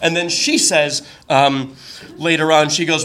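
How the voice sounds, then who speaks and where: A man's voice: fairly high pitch, fairly even intonation, unhurried, fairly bright tone. A man telling a comic personal story on stage, chatty and full of restarts. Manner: conversational, with frequent restarts and fillers. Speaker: storyteller at a live show. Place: stage before a live audience.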